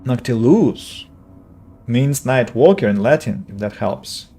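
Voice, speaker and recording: A man's voice: mid-range voice, expressive, takes it slowly, vocal fry, warm tone, faint music behind. A man streaming a video game and chatting casually, a rambling, self-correcting talker who answers viewers' comments aloud. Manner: self-correcting, filler-heavy. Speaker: game streamer and English teacher. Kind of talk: casual let's-play commentary.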